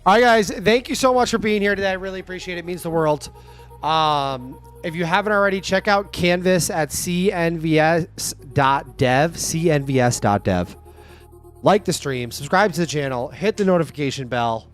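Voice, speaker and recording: A young man hosting a casual livestream, upbeat and playful, firing off quick sign-off patter to his viewers. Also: a little high, faint music behind. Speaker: livestream host.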